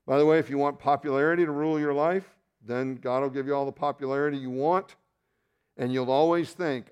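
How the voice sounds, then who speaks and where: A man preaching a sermon as pastor, shifting between loud emphatic rises and quiet asides, with self-deprecating remarks and restarts. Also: mid-range voice, steady tone, a little fast, clear, resonant tone.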